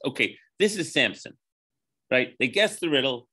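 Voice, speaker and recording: A man, a rabbi, reading scripture aloud to a class and breaking off for wry asides, voicing the quoted speakers with lively emphasis. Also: medium pitch, moderate pace. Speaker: rabbi teaching a Torah class. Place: class with a live group.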